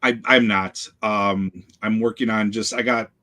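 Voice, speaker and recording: A man's voice: fairly low pitch, steady tone, unhurried, bright, forceful tone. A man guesting on a casual chat show, easygoing and rambling, often restarting his sentences. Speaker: guest collector.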